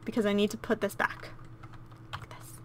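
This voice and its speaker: A woman's voice: medium pitch, flat delivery, moderate pace, slight background noise. A woman hosting a let's play, chatting casually and gushing as she comments on her gameplay. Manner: gushing and cooing, easily delighted.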